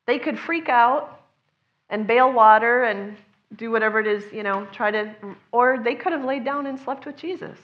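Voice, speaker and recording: Woman preaching, kinda high voice, chatty and earnest, a bit muffled. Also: normal speed. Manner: earnest, conversational, acts out quoted voices. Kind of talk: sermon.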